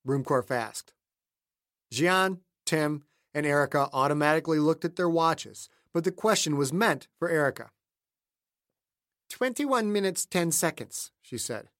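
A man's voice: fairly high pitch, no room sound. Man narrating a thriller audiobook, dry sound. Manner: measured, steady storytelling delivery. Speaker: author narrating his own novel.

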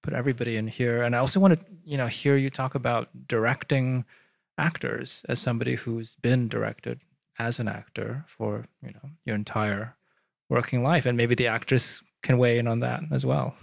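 A male moderator speaks in a gravelly voice that sounds close and dry. He hurries through long, rambling questions to the panel. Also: mid-range voice, steady tone, moderate pace, no echo.

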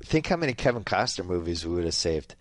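A man hosting a podcast in casual chat, offhand and wry, talking in quick bursts. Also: deep voice, sing-song, no room sound. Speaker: podcast host.

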